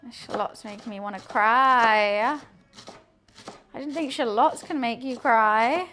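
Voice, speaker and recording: A woman's voice: on the high side, slow, bright, forceful tone, a little hiss or hum. A woman, streaming casual chat while she cooks at home, rambling to her viewers and her kitten. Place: home kitchen.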